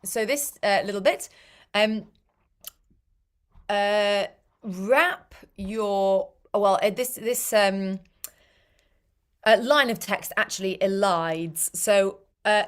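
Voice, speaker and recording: Woman choir coach, slow patient diction demos, repeats sounds a lot. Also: medium pitch, smooth. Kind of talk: language coaching for singers.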